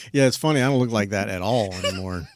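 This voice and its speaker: A man hosting a podcast in casual conversation, rambling with lots of fillers and restarts and laughing often. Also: mid-range voice. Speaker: podcast host. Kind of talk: casual interview chat.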